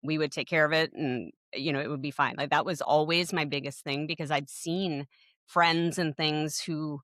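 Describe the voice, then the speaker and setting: A woman's voice: sits low, normal speed, no echo, studio quality. A woman co-hosting a podcast, telling family stories in a casual chat and acting out the quotes. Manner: animated storyteller, acts out quotes. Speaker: podcast co-host.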